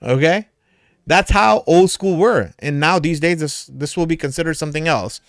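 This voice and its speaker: A man's voice: fairly high pitch, moderate pace, no echo, clean studio sound. A man hosting a crypto livestream in a casual, rambling way, a little tipsy from drinking, calling his viewers brother and man.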